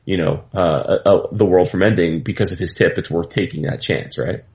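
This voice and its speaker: A man's voice: low-pitched, brisk, darkish tone, muffled recording. Carol, a man voicing a commanding heroine. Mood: dismissive. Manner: casual retold quote, dismissive. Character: Carol Danvers, commanding woman hero.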